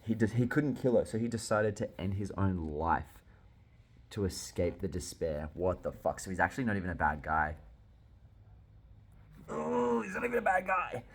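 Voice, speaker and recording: Brief: young guy, low voice, loud excitable reactions, curses freely while reviewing comics. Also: normal speed. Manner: excitable, swearing, laughing often. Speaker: manga reviewer. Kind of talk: casual reaction commentary.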